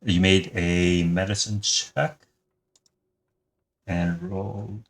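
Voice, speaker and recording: Low-voiced male game master, easygoing narration. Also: steady tone, extremely slow, gravelly. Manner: easygoing, plain narration with fillers.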